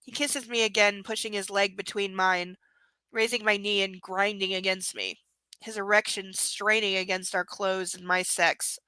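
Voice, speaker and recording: Female live-stream book reader with a crisp, forceful tone. Sarcastic running commentary, occasional whispered passages. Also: mid-range voice, level tone, normal speed, no room sound, poor audio. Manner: sarcastic, mocking asides. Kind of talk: reading a novel aloud with commentary.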